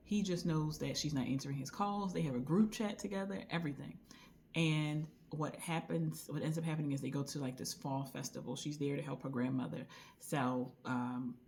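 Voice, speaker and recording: A woman recommending a book in a casual, chatty way, retelling the story with lively asides. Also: sits low, a little hiss or hum. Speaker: book reviewer.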